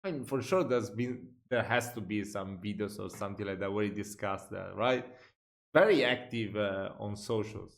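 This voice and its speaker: A man's voice: on the low side, normal speed, creaky. A man from the Netherlands, a reaction video host, chatting curiously over a clip. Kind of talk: casual commentary.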